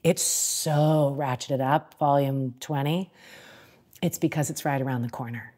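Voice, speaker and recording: A woman coach, a guest on a podcast, telling animated stories and laughing often. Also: extremely low pitch, a little slow. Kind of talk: casual interview chat.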